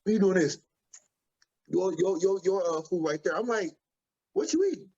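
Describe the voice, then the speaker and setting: A man, co-hosting a podcast and telling an animated story, acting out the quotes excitedly. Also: sits high, moderate pace. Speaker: podcast co-host. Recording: dull lo-fi audio.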